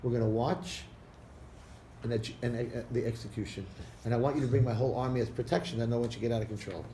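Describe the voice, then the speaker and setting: Animated storytelling rabbi, echoey hall. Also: male voice, medium pitch, quick pace. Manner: animated storyteller acting out characters' lines. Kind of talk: storytelling talk to an audience. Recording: echoey room recording with faint background noise.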